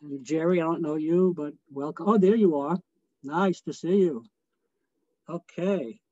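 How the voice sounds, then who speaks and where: A man leads a choral lecture over a video call in a relaxed, chatty way and sings short phrases to show his points. His voice sits fairly high and sounds mellow. The call audio is dull and dry. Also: unhurried, dry recording. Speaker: choral conductor giving a lecture. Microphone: video call microphone.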